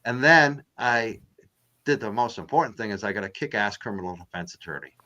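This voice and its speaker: A man's voice: lowish voice, expressive, a little fast, bright, forceful tone, a little hiss or hum. A man with a Boston accent, a guest on a casual show, who talks bluntly and swears freely. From Massachusetts. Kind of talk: casual interview talk.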